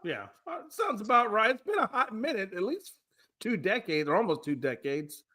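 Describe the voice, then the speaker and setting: Animated, high-voiced male co-host. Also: moderate pace. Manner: teasing, laughing, animated swings in pitch. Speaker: podcast co-host. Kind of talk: casual sports banter. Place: lives in Houston.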